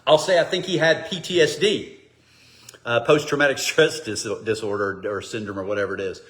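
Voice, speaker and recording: Animated storytelling pastor. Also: male voice, medium pitch, fairly quick. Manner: conversational, animated storytelling with acted quotes. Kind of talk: Bible study teaching. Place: church, streamed online.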